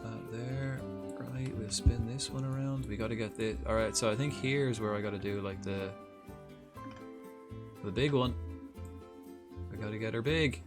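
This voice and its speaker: A young man with an Irish accent talks his way through a game build on a live stream, his voice sitting a little low. He rambles and swears freely, breaks off and restarts his sentences, and laughs at his own jokes, with music playing clearly behind him. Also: steady tone, moderate pace, long pauses. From Republic of Ireland. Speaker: livestreamer.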